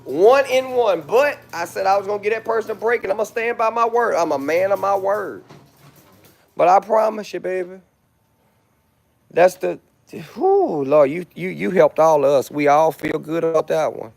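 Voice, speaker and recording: A man's voice: high voice, normal speed, creaky, a little mellow. A man hosting a live stream, sassily and theatrically roasting a commenter in mock-pleading asides. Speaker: livestreamer.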